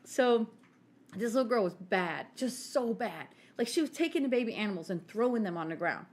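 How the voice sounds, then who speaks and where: A woman co-hosting a podcast, telling a story in an animated, giggly way and acting out the quotes. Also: fairly high pitch, a little fast. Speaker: podcast co-host. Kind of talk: casual storytelling chat.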